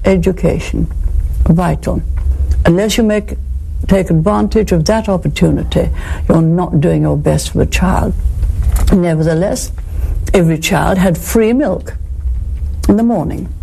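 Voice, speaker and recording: Deliberate older Englishwoman, husky gravelly voice. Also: lowish voice, dark tone, rough recording. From England. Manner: firm, deliberate, measured. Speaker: former politician being interviewed. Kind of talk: archival interview.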